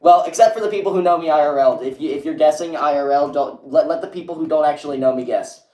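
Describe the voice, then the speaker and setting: A man's voice: on the high side, fast talker, dark tone. Rambling young man streaming, echoey room. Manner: rambling, reads chat aloud, lots of "like". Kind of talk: casual livestream chat.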